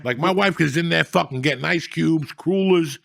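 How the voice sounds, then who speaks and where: A man's voice: on the high side, normal speed, vocal fry, a bit bright, dry recording. A middle-aged man, telling profane, rambling stories in a blunt, casual chat. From New Jersey. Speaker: storyteller guest.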